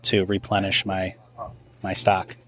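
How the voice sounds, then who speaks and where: A man in his early thirties answers questions in a soft, unhurried manner. His voice sits somewhat low. He sounds relaxed as a guest at the event. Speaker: guest, bourbon fan. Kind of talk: casual interview answers. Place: outdoor wine garden event.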